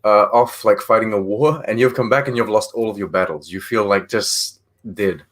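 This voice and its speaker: Joking man with halting delivery. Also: lowish voice. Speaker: guest on a live stream. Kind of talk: casual live stream chat.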